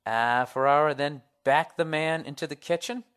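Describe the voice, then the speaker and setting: A man's voice: on the high side, normal speed, fairly bright tone, clean tone. A man, a comedian hosting his own podcast, telling stories in a casual, rambling, profane comic monologue with a sardonic edge.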